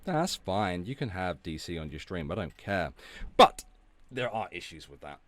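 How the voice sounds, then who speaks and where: A man's voice: deep voice, sing-song, moderate pace, a bit bright, dry recording. A man streaming, ranting and talking back to his chat, sweary and sarcastic. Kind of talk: ranting livestream commentary.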